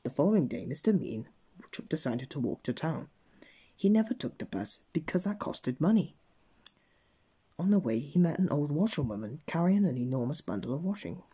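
A man reading a bedtime story aloud in a gentle, expressive way. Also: fairly high pitch, moderate pace, slightly rough.

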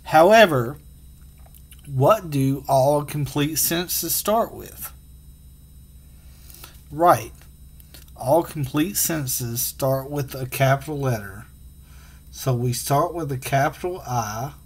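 A man teaching a phonics and punctuation lesson to children, sounding out letters slowly and patiently. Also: mid-range voice, animated, a little mellow, husky.

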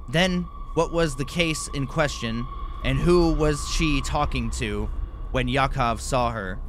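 A man's voice: medium pitch, takes it slowly, a little hiss or hum. A man giving nervous, jumpy commentary while playing a horror game, with frequent exclamations. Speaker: gaming YouTuber.

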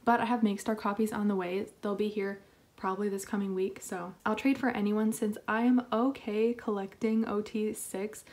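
A young woman chatting casually while unboxing K-pop albums, excitable and talkative, with lots of fillers and little laughs. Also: medium pitch, moderate pace. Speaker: K-pop album haul vlogger.

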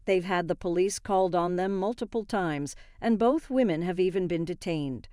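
A woman narrating a first-person story in a steady, calm read. Her voice is fairly low, with a warm, mellow tone. The sound is dry and close to the mic. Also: moderate pace, smooth, no echo.

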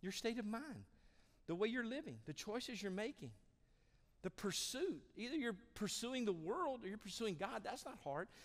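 A man preaching an animated, emphatic sermon as pastor in a church sanctuary. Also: sits high, normal speed. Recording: long church reverb.

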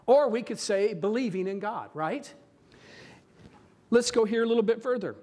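A man with a strikingly high voice preaches to his congregation. He pleads and presses his points earnestly, restarting and repeating phrases to drive them home. Now and then he stops to ask the listeners for an amen. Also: animated, moderate pace, a little mellow. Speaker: pastor. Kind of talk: sermon.

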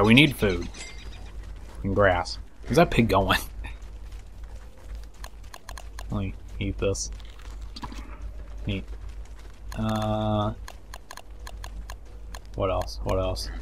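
A man giving casual let's play commentary, excitable and swearing, talking to the creatures in the game. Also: lowish voice, drawn-out words, creaky, pauses often, slight background noise. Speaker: gameplay commentator.

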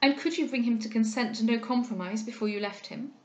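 A woman's voice: a little high, brisk, a little mellow, reverberant, dull audio, close to an everyday voice. A woman voicing an anxious, earnest young heiress in a novel reading, asking urgent, pleading questions.

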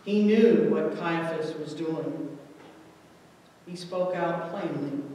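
A man narrating a scripture story in a measured, deliberate way at a church service. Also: on the high side, dark tone, a little hiss or hum. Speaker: scripture reader. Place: church sanctuary. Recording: echoey church hall from far off.

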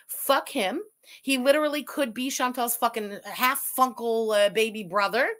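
A woman's voice: on the high side, moderate pace, fairly bright tone. A woman from Canada giving profane, sarcastic commentary while reacting to a video. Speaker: commentary streamer.

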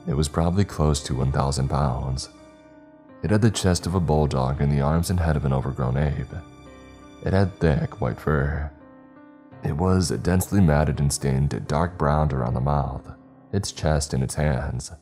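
A man narrating a horror story in a measured, dramatic manner. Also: a bass voice, mellow. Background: faint background music.

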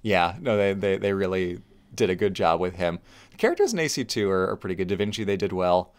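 A man's voice: deep voice, animated, fairly quick, smooth. A man co-hosting a podcast, chatting casually and giving opinions, often repeating words as he restarts. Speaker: podcast co-host. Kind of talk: casual chat.

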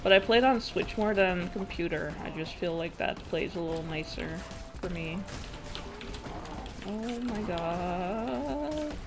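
A woman's voice: lowish voice, lively intonation, takes it slowly, music in the background. A woman streamer chatting casually while gaming, cursing and exclaiming at the game and reading chat. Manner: swears a lot, exclaims at the game.

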